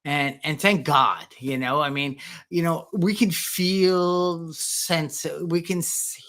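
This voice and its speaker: A woman with a lowish voice chats on a podcast, wandering from thought to thought. She restarts her sentences and fills the gaps with "uh" and "you know". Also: steady tone, slow, a bit bright. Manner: rambling, many restarts and fillers, acts out quoted dialogue. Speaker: podcast host. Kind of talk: casual podcast conversation. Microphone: podcast microphone.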